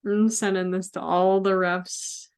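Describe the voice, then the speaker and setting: A woman hosting a podcast in casual chat, teasing her guest with quick questions. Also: medium pitch, little pitch movement, clean tone. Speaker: podcast host.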